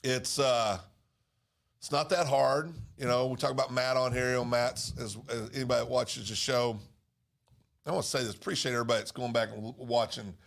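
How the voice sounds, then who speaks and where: Man, gravelly, animated, laughs a lot, casual business chat. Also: mid-range voice, a little fast. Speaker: co-host.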